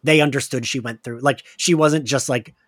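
A man's voice: medium pitch, steady tone, normal speed, no echo, studio quality. A man hosting a casual chat, laughing often and talking with plenty of fillers. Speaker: podcast host.

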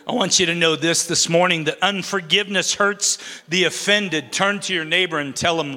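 A man's voice: on the high side, normal speed, pushed and bright. A middle-aged man preaching a sermon in a church, conversational and self-deprecating, with jokes between points. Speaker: pastor. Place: church sanctuary. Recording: long reverb of a large hall.

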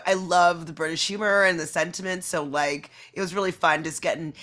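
Giggly woman guest, relaxed chat. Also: fairly low pitch. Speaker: podcast guest. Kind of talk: casual chat.

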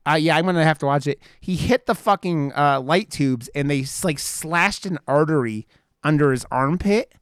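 A man's voice: fairly high pitch, moderate pace, clear, resonant tone, dry recording, studio quality. A man in his thirties chatting casually, rambling with lots of fillers and frequent swearing. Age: 30s. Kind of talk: casual chat.

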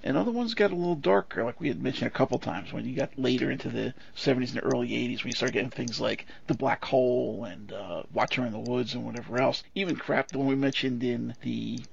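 Man, podcast co-host, gravelly, husky, rambling and irreverent, dull lo-fi sound. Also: medium pitch, fast talker, hardly any pauses. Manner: laughs often, rambling and irreverent. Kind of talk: casual chat.

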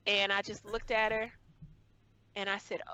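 Speaking at a measured pace, this young woman has a mid-range, sharp yet smooth voice with little pitch movement, heard on a low-quality recording. As a conversation guest, she tells a hurtful school memory with earnest emotion and frequently voices the quotes herself.

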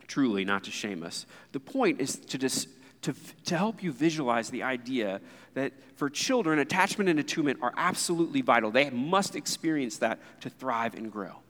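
A man's voice: mid-range voice, expressive, moderate pace, fairly bright tone. A man in his thirties preaching a sermon as pastor, earnest and conversational, with asides to the congregation. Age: 30s. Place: church sanctuary. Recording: long reverb of a church hall.

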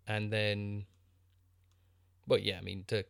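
A man's voice: fairly low pitch, monotone, slow, vocal fry, clear, resonant tone, no echo, clean studio sound. A man co-hosting a podcast, chatting casually about a film with many restarts and fillers. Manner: rambling, lots of restarts and fillers. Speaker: podcast co-host.

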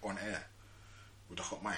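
A man's voice: low-pitched, little pitch movement, normal speed, bright, forceful tone, distant mic. A young man co-hosting a podcast, teasing his friend and laughing a lot. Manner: teasing, cheeky, bursts of laughter. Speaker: podcast co-host. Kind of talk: casual podcast banter. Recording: roomy, off-mic sound.

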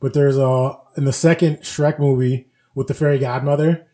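A man co-hosting a casual podcast, telling stories with lively acted-out quotes. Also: mid-range voice, normal speed. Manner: animated storyteller, acts out quotes. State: recovering from flu. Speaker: podcast co-host. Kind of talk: casual chat.

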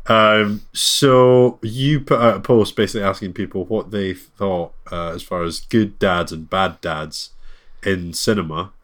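A man chatting as podcast co-host, his voice sitting low. He jokes with dry asides and reads lists aloud in an easy, casual way. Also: measured pace, a bit bright. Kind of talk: casual chat.

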